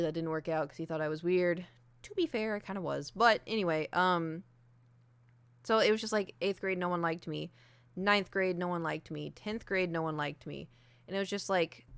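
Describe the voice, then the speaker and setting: Young woman streamer, lowish smooth voice, candid rambling chat, dry close sound. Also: no echo. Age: young adult. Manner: candid, self-deprecating, many fillers. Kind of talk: casual chat. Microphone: desk mic with ring light.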